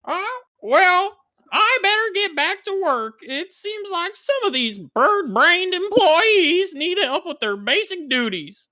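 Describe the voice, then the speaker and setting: A man's voice: very high voice, big pitch swings, takes it slowly, bright, forceful tone, no echo, studio quality, pitched above the performer's own voice, full character voice. A man voicing a condescending, motherly female bird Pokemon with a sugary Southern country lilt. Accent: American Southern country.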